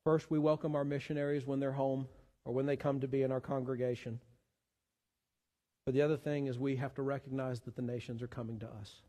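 A man's voice: mid-range voice, little pitch movement, brisk, mellow, in a large hall. A man preaching a sermon as pastor, earnest and given to repeating words as he searches for the next one. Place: church sanctuary.

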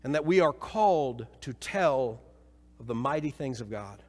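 A pastor from Missouri, married with children, preaching a sermon in a church, moving between lively storytelling and low, solemn appeals. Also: male voice, normal speed. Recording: reverberant church hall.

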